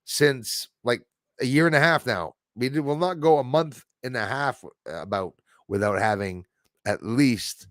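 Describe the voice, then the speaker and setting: A man's voice: medium pitch, measured pace, a bit bright, no echo, clean studio sound. A man hosting a livestream, rambling animatedly through viewer comments with many restarts and a tagged-on "eh?". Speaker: livestream host.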